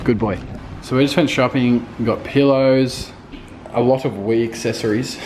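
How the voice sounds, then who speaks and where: A man's voice: medium pitch, steady tone, normal speed, darkish tone, a little hiss or hum, poor audio. A young man from Australia with an Australian accent, chatting casually and teasing his friend in a vlog. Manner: joking, teasing, laughs often. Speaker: vlogger.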